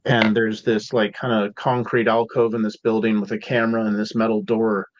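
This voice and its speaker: A man from Seattle, USA, appears as a podcast guest telling stories in a laid-back, slangy way, full of "like" and "dude." His lowish voice is level and brisk. The podcast audio is dull and dry, with no echo.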